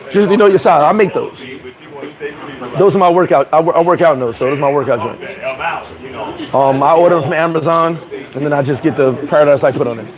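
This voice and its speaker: High-voiced man livestreaming in a crowd. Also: a little fast, pauses often, poor audio. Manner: laughing, slangy, giving shout-outs to viewers. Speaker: livestream host. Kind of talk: casual livestream chat with viewers. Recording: crowd chatter behind.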